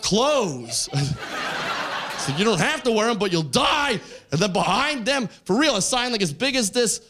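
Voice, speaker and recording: A man from Canada doing stand-up comedy, telling a story with lively jumps into other people's voices. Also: high-pitched, normal speed, background noise. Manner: animated storytelling, jumping into voices. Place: stage in front of a live audience.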